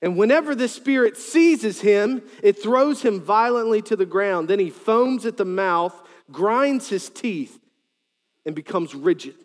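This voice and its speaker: A male pastor preaching a sermon, animated, with joking asides and sudden loud quoted lines. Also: high-pitched, unhurried, big-room sound.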